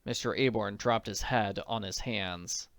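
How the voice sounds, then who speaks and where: A man narrating an audiobook in a measured, steady reading voice. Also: on the low side, vocal fry, no echo, studio quality.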